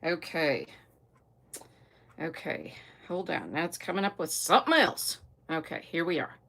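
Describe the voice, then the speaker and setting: A woman's voice: low voice, sing-song, a little slow, vocal fry, fairly bright tone. A middle-aged woman chatting casually on a live stream, greeting viewers by name and trailing off with fillers. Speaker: livestream host.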